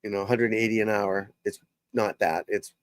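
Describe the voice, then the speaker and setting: A man's voice: on the low side, fairly even intonation, a little fast, no room sound. An older man, a golf coach, hosting a casual live stream and talking bluntly and profanely, rambling from one thought to the next.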